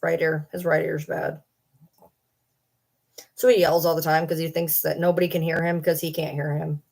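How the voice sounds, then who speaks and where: A woman's voice: low-pitched, flat delivery, moderate pace, vocal fry, a little mellow. A young adult woman chatting casually on a livestream from home, rambling and joking about herself. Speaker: streamer.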